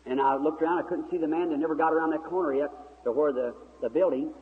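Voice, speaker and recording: A man's voice: on the high side, steady tone, quick pace. A man preaching a sermon, telling a story in a folksy, vivid way and acting out the dialogue. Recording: tinny old recording in a reverberant hall, faint hiss.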